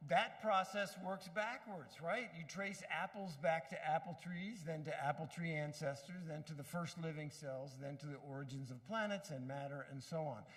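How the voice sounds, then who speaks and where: A man's voice: on the high side, big-room sound. A man giving a reflective, earnest talk on science and wonder, with casual asides and self-corrections. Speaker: speaker on science and meaning.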